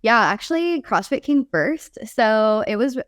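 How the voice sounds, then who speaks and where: A young woman coach talks in a quick, chatty way, laughing often as she answers questions. Her voice is smooth and clear, recorded close and dry with no room sound. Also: fairly high pitch, sing-song, dry recording. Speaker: fitness coach and company founder. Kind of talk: casual podcast interview.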